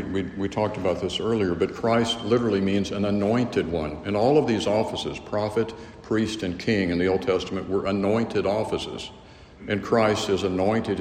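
A man teaching a theology lecture in a measured, earnest way, often restarting his phrases. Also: low-pitched. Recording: echoey hall, faint room noise.

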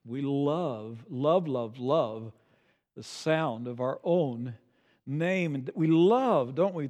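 An older man preaching a sermon as pastor, swinging from soft low asides to loud emphatic peaks. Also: big-room sound. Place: church sanctuary.

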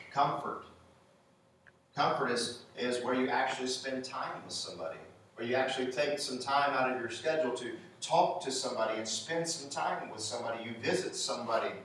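A man's voice: mid-range voice, a bit bright, a little hiss or hum. A man preaching a sermon, conversational and encouraging, asking the congregation questions. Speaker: pastor. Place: church sanctuary. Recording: echoey room, voice from a distance.

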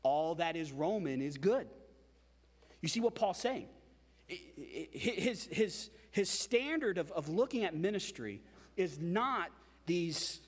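A man preaching a sermon as pastor, emphatic and animated, with frequent repetitions. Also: high-pitched, big-room sound.

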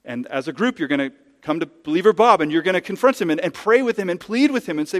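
Fairly high-voiced pastor, reverberant hall. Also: male voice, expressive, quick pace, hardly any pauses, fairly bright tone. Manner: conversational, emphatic preaching with hypothetical examples. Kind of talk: sermon. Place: church sanctuary.

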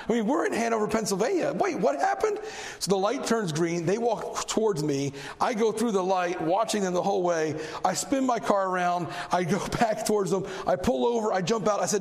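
Animated preacher with a gravelly edge. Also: male voice, sits high, a little fast. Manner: animated storyteller, voice rising when excited. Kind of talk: sermon with storytelling. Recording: long hall reverb.

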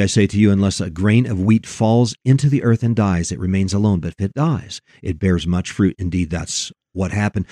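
A man's voice: on the low side, dark tone, no echo, clean studio sound. A man hosting a Christian talk show, reading numbered Bible passages aloud in an earnest way. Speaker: radio show host. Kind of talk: Christian radio discussion.

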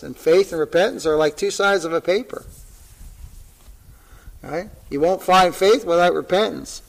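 A man's voice: a little high, normal speed, creaky, poor audio. A male pastor preaching a sermon, conversational with tag questions, building to fervent exclamations and chuckling now and then.

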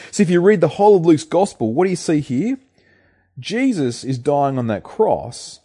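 A man's voice: mid-range voice, warm tone. A man preaching an earnest, emphatic sermon, asking his listeners rhetorical questions.

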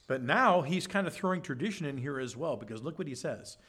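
A man's voice: lively intonation, fairly quick, fairly bright tone, slightly rough. A man preaching a Bible-study sermon, conversational, with frequent "right?" asides and acted-out quotes. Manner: acts out quoted speech with shifts in pitch. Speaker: pastor.

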